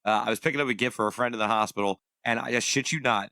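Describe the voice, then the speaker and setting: A man co-hosting a comedy podcast, telling wry, profane stories in a bright, forward voice. His pitch sits mid-range, and the recording is dry and close. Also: fairly even intonation, very fast, no echo. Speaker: podcast co-host. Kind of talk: casual comedic podcast chat.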